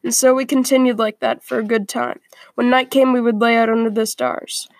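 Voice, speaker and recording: A woman reading a first-person story aloud in a quiet, earnest way, with small slips along the way. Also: on the high side, steady tone, fairly quick.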